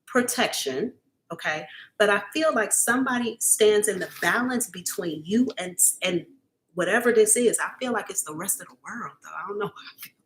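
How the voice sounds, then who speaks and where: A woman's voice: medium pitch, animated, moderate pace, a bit bright. Earnest woman giving a live psychic reading. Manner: casual and emphatic, keeps checking in with "okay?"; emotional, earnest, at times near tears. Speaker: psychic reader. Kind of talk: live-stream psychic reading, talking to viewers.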